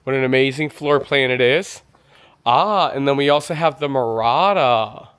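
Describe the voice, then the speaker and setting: A man's voice: mid-range voice, normal speed, a bit bright, clear, resonant tone. A man touring an indoor RV show, giving an enthusiastic walkthrough and exclaiming over features. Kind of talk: walkthrough vlog.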